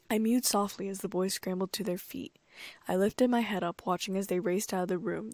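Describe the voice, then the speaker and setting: A woman reads a first-person audiobook in a calm, steady storytelling style. Her pitch sits in the middle range, and there's no echo.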